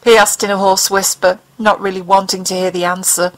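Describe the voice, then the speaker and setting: A woman reading a dramatic fiction audiobook, expressive and leaning into tense moments. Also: medium pitch, brisk, low-quality recording. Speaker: audiobook narrator.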